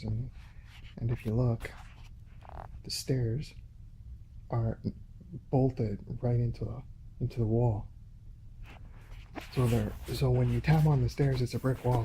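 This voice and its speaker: A man, talking haltingly into his phone at home in a rambling monologue, full of pauses and restarts. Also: medium pitch, mellow, a little hiss or hum. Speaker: vlogger. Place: home in a shared residential building.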